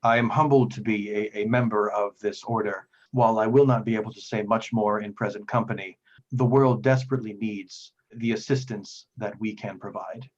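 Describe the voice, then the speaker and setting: A man's voice: on the low side, fairly even intonation, moderate pace, natural voice. A man voicing a devout, humble priest who speaks formally and secretively, on a dull lo-fi recording. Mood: grave.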